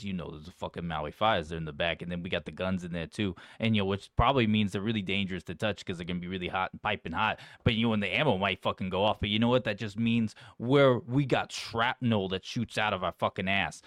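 A man's voice: low-pitched, fairly bright tone, no echo, studio quality. A man co-hosting a podcast, rambling through crude, profane jokes in casual banter. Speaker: podcast co-host.

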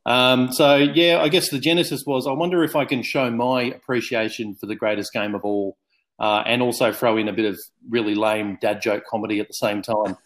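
Aussie bloke guesting on a pod, jokey, self-deprecating, calls everyone mate. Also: male voice, mid-range voice, steady tone, a little fast. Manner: jokey, self-mocking, says mate a lot. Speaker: podcast guest. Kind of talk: casual podcast chat.

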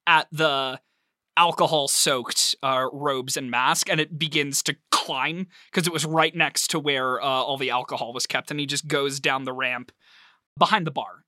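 A woman's voice: very deep voice, steady tone, unhurried, sharp tone, no echo, studio quality. A woman narrating as game master in a tabletop game, casual and often laughing.

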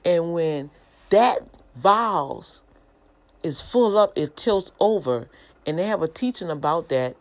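A middle-aged woman, preaching in a casual, animated way and calling her listeners y'all. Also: fairly low pitch, takes it slowly. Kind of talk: informal preaching broadcast.

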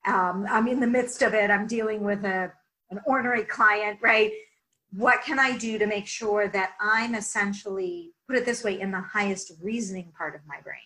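A woman's voice: mid-range voice, moderate pace, poor audio. A woman leadership coach answering interview questions, explaining energetically and often checking in with "right?". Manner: energetic, lots of "right?" asides.

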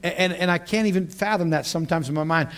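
A man preaching a sermon to a class, telling stories in an animated way with frequent laughs and repeated words. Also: high-pitched, quick pace. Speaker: pastor.

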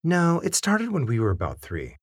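A wry middle-aged mother, her voice pitched far above the reader's own, as a man voices her. The sound is dry and close. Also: huge pitch swings, moderate pace, husky, dry recording, full character voice.

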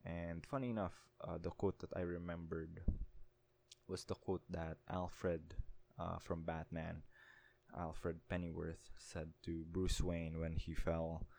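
Deep, gravelly young man. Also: level tone, a little mellow. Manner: candid, halting, switching between English and Tagalog. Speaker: podcast host. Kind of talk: casual solo podcast monologue.

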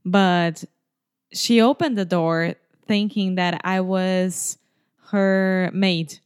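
A woman's voice: on the low side, drawn-out words, clear, resonant tone. Giggly woman. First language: Portuguese. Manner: giggly, animated storyteller. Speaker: podcast co-host. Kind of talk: casual chat.

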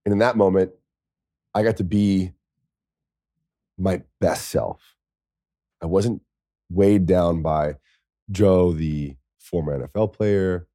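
Deep-voiced American man telling stories. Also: no echo, clean studio sound. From United States. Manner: lively, swears, acts out quoted speech. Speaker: podcast guest. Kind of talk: casual storytelling.

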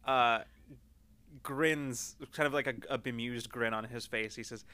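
A man narrating a tabletop game as game master in a relaxed, descriptive way. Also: mid-range voice, a little slow, clean tone.

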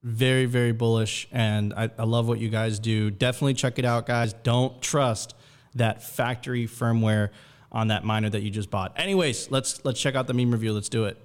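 A man's voice: mid-range voice, steady tone, moderate pace. A man hosting a casual show, speaking in a laid-back way with enthusiastic agreement. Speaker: show host.

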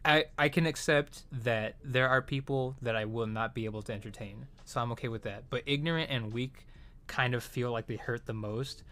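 A man's voice: mid-range voice, moderate pace, fairly bright tone. Rambling, profane young-sounding man. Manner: rambling, profane, frequent fillers and restarts. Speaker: retail worker telling a story. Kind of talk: casual chat.

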